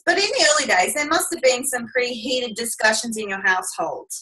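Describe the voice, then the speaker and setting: A woman's voice: on the high side, lively intonation, a little fast, sharp tone. A woman host asking a guest questions in an upbeat, chatty way on a live stream. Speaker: host, team leader. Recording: voice distant from the mic.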